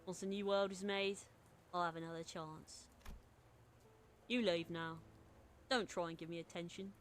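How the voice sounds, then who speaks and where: A woman's voice: fairly low pitch, steady tone, moderate pace, a little hiss or hum, lightly acted. A woman reading a streamed game's dialogue as a brooding young man, weary and bitter.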